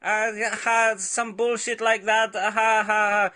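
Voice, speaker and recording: A man's voice: sits high, little pitch movement, slow pace, sharp tone, pitched above the performer's own voice, full character voice. A man doing a comedic impression of a bumbling, crude male foreign journalist who speaks broken English and giggles. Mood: giggly.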